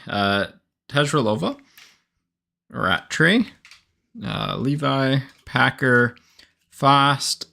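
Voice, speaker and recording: During a live card break he hosts, a man with a creaky, mid-range voice calls out player names and teams in a steady list. He's casual about it, correcting himself as he goes and saying "uh" frequently.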